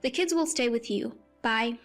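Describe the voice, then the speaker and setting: A woman's voice: a little high, normal speed, fairly bright tone, faint music behind, lightly acted. A woman voicing a pushy, scornful entitled young mother in a story. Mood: dismissive.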